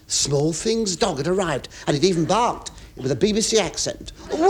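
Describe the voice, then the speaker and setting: An English comedian hosting a radio show, telling a rambling monologue full of stammers, asides and confiding remarks to the audience. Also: male voice, on the high side, animated, a little fast, few pauses. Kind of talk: stand-up comic monologue to a studio audience. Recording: hissy 1970s radio recording.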